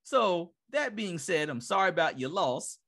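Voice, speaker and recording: A man's voice: high-pitched, very animated, normal speed, vocal fry, fairly bright tone. A man hosting a podcast, asking questions in a loose, wordy way. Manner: wordy, rambling question setups. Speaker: podcast host. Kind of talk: casual podcast interview.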